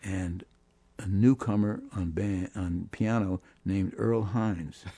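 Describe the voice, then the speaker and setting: An older man, a guest musician, telling animated anecdotes in an interview and voicing the people he quotes. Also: low voice, slow, husky, no room sound. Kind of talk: storytelling interview.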